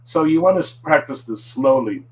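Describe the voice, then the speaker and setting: Easygoing man drilling words slowly. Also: mid-range voice, rough recording. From United States. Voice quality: relaxed, chatty with fillers and self-corrections. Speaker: language teacher. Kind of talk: casual spoken lesson.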